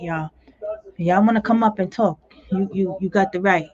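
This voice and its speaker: A woman's voice: mid-range voice, animated, normal speed, darkish tone. A woman hosting a livestream, giving blunt, outspoken commentary full of swearing. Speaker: livestream host. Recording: dull lo-fi livestream audio.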